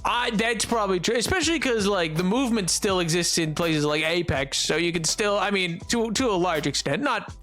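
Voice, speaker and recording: A man's voice: high-pitched, lively intonation, a little fast, fairly bright tone, soft background music. A man streaming a game, chatting casually with chat, joking, tripping over his words and laughing. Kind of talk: casual live-stream chat while gaming.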